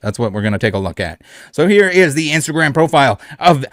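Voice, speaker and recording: A man's voice: a little high, big pitch swings, fast, no echo, studio quality. A man hosting a reaction commentary who speaks in a blunt, indignant way and swears often. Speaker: channel host.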